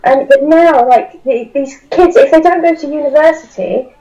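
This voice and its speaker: A woman's voice: high voice, normal speed, mellow, dull audio. A young British woman in casual political chat, blunt and emphatic. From United Kingdom. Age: young adult. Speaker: guest commentator.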